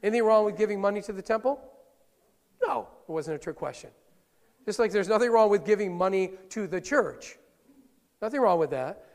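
A male pastor preaching a sermon in a lively, conversational way, often questioning his listeners. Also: high voice, fairly quick, pauses often, in a large hall.

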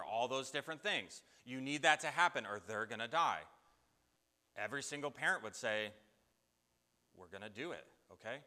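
A man's voice: mid-range voice, pushed and bright, in a large hall. A man preaching a conversational sermon, asking the listeners' questions and answering them himself. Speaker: pastor.

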